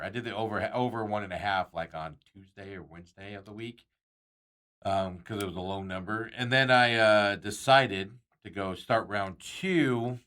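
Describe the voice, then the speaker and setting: A man's voice: on the low side, pushed and bright. A man hosting a sports talk show, chatting casually and rambling with frequent chuckles.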